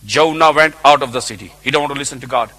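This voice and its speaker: A man's voice: mid-range voice, fast talker, bright, forceful tone. A man preaching a sermon on a Bible passage, telling the story with animation and acting out its characters.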